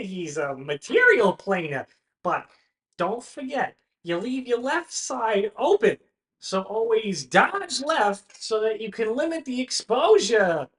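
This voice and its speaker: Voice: mid-range voice, fairly bright tone, voice pushed up. A game master voicing Bartleby, a fussy male rival who turns flustered and earnest.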